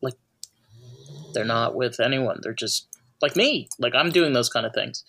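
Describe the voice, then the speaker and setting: A podcast co-host chatting casually, animated and joking. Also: mid-range voice, measured pace. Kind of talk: casual chat.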